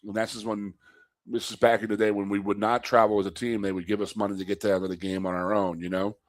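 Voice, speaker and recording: A man co-hosting a casual chat show, telling old locker-room stories with lively, acted-out quotes. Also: fast, dry recording. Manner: animated storyteller, acts out quotes in a high loud voice. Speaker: co-host and former college athlete.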